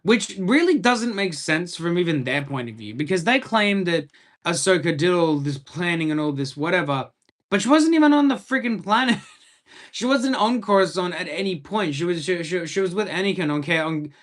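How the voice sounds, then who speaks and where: A man's voice: high voice, lively intonation, moderate pace, a bit bright. A young man with an Australian accent chatting casually on a live stream from a room at home, rambling in enthusiastic fan commentary.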